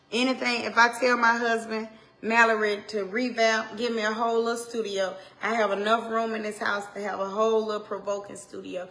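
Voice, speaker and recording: A woman minister with an Atlanta accent, preaching in a heartfelt talk that swings from hushed tones to loud exhortation, with Southern turns of phrase and repeated lines. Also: fairly high pitch. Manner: impassioned, swings from hushed to shouting.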